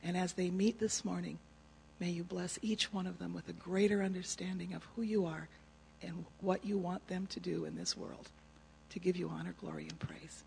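A person leading a short spoken prayer for a church in an earnest, steady way. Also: medium pitch, moderate pace, gravelly, slight background noise, low-quality recording. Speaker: guest praying.

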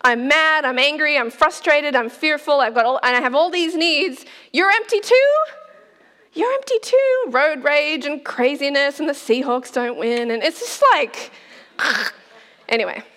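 A woman in her forties delivers a sermon in a chatty, playful way and laughs easily. Her voice sits high. The church hall around her leaves a long reverb. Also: measured pace, sharp tone. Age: 40s. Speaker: pastor. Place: church auditorium.

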